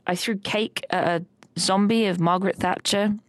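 A woman chats through a long, meandering story, with frequent fillers and bursts of laughter. Her voice sits at an ordinary middle pitch. The recording is close and dry, with no room sound. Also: normal speed, no echo. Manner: rambling and animated, with many fillers and laughs. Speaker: podcast co-host recounting a dream. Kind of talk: casual chat.

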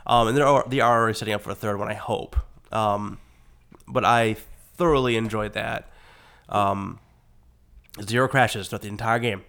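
A man chatting casually as a podcast co-host, his voice rough from being sick, rambling with lots of fillers and easy swearing. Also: on the low side, fairly even intonation, normal speed, pauses often, a bit bright. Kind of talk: casual chat.

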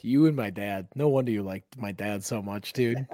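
A man hosting a podcast in casual chat, excitable and saying dude often. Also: on the low side, normal speed, no echo. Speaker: podcast host.

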